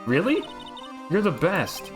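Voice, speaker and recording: Brief: man voicing an eager, high-pitched young woman, excitable and bubbly, with game music underneath. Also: normal speed. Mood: gushing.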